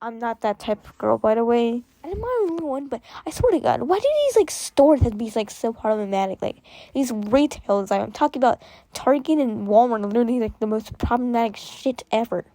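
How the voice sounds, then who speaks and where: A woman's voice: a little high, lively intonation, brisk, warm tone, no echo. Rambling, sarcastic young woman vlogger. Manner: rambling, sarcastic, many fillers and restarts. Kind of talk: casual commentary.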